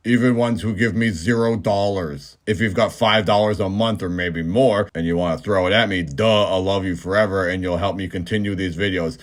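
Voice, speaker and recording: A man in his thirties giving a deadpan, joke-filled comedic recap of a movie as the host of his show. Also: lowish voice. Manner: deadpan, absurd jokes. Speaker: movie reviewer.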